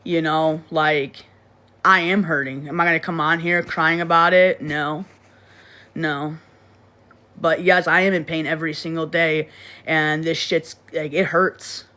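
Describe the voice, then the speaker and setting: A woman's voice: sits low, fairly even intonation, a little slow, pushed and bright. Rambling woman on a phone livestream. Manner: rambling and repetitive, frequent restarts; blunt, with frequent swearing. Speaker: livestream host. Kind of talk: casual livestream chat.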